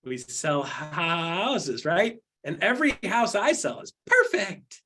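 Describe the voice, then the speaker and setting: Husky man coaching with animated energy. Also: takes it slowly. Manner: animated, acts out quotes with jumps in pitch. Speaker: real estate coach on a mastermind call. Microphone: video call.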